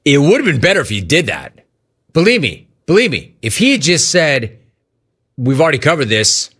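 A man's voice: fairly high pitch, huge pitch swings, normal speed, fairly bright tone, husky. A man hosting a sports talk show, mocking fans with rhetorical questions and laughing as he reads chat messages.

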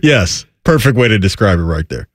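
A man's voice: on the low side, sing-song, a little fast, no echo, clean studio sound. A man co-hosting a radio sports talk show, amused and arguing his point. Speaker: radio co-host. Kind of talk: casual banter.

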